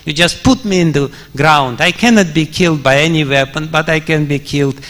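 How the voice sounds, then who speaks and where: A man's voice: fairly high pitch, brisk, fairly bright tone, big-room sound, lightly acted. A man voicing a huge male demon in a retold scripture story, in nearly his own voice. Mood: tearful. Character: huge male demon, boastful then weeping.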